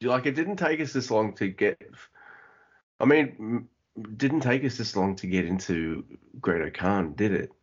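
A man's voice: lowish voice, expressive, unhurried, slightly rough. A man co-hosting a casual wrestling podcast, laughing often and swearing freely. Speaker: podcast co-host. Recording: muffled lo-fi podcast audio.

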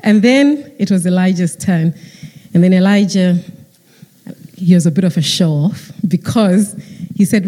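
A woman preaching a sermon, retelling a story in lively fashion and acting out the characters. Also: fairly low pitch, unhurried, pauses often. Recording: long hall reverb.

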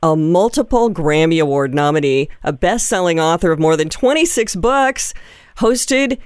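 A woman radio host in a studio, with a smooth, crisp voice and very dry close sound. She is upbeat and enthusiastic, gushing warmly over her guest. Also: low voice, expressive, moderate pace, no room sound. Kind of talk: radio interview.

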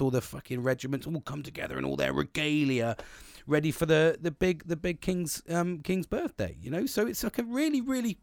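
A man's voice: mid-range voice, gravelly, no echo. A British man talking in a rambling, earnest monologue, swearing constantly. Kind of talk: casual monologue.

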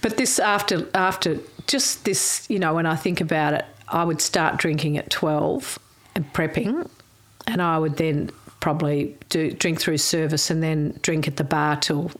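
A woman's voice: low voice, a little slow. A middle-aged woman, a former chef telling rambling stories in a casual chat and laughing often.

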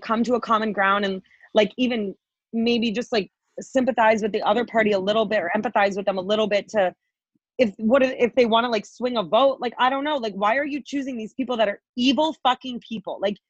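A woman's voice: on the high side, slightly rough, no echo, dull audio. A woman co-hosting a podcast, ranting heatedly with constant swearing and filler likes. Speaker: podcast co-host. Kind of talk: angry political rant.

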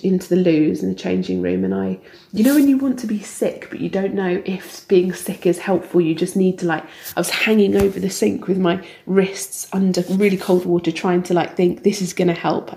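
A woman speaks as an interview guest, her voice low and gravelly. She talks candidly and haltingly, restarting phrases and laughing softly now and then. The recording has a noticeable room echo. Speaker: interview guest, Olympic athlete. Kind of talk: reflective conversational interview. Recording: echoey room.

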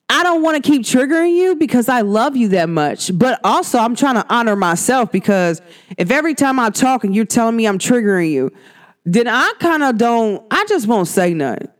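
A woman's voice: on the high side, normal speed. A woman talking casually to her viewers about astrology, slangy and direct. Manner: animated, slangy, talks straight to viewers. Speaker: astrology vlogger. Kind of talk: casual talk to camera.

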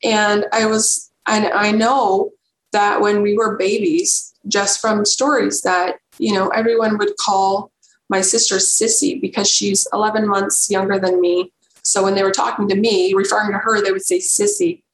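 A woman guest telling a personal story in an earnest, halting way, often restarting her sentences. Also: medium pitch, fairly even intonation. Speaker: podcast guest. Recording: roomy echo, faint noise.

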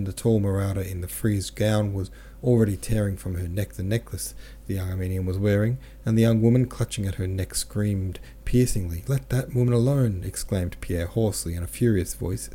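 A man narrating a classic novel as an audiobook reader, in a measured, steady manner. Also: low voice.

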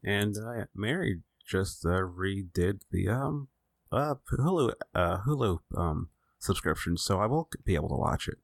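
Deep-voiced laid-back male podcast host. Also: animated, gravelly, no room sound, clean studio sound. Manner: laid-back, halting with fillers. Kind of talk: casual chat.

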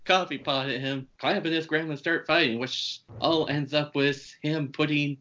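A man's voice: on the high side, steady tone, moderate pace, pushed and bright, highs cut off. A man casually recapping a movie scene by scene on a podcast, rambling with swearing and chuckles. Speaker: podcast co-host.

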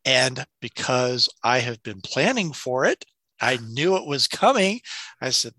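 A man talking in a bright, forceful voice that sits close and dry on the mic. He co-hosts a casual podcast and tells animated stories, working himself into rants with some profanity. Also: medium pitch, unhurried, dry recording. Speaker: podcast co-host. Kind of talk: casual chat.

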